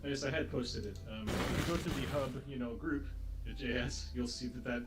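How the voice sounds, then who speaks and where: A man's voice: medium pitch, a little fast, loud music behind the voice. A man hosting a streamed tabletop game, chatting loosely with many fillers and restarts before the recap. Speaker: game master. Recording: noisy online call with keyboard clicks.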